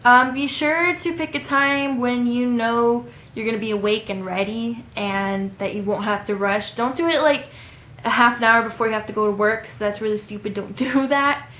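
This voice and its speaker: A woman's voice: fairly high pitch, fairly even intonation, normal speed, a bit bright, slight background noise. A woman in her twenties giving casual advice in a vlog, chatty and rambling with frequent ums. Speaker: vlogger. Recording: echoey room.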